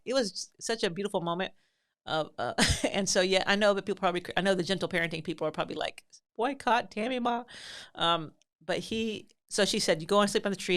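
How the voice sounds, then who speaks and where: A woman's voice: lowish voice, fairly bright tone. A middle-aged woman, a podcast host and mother of many, telling a story in a chatty, self-deprecating way and often restarting her sentences. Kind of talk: casual anecdotal storytelling.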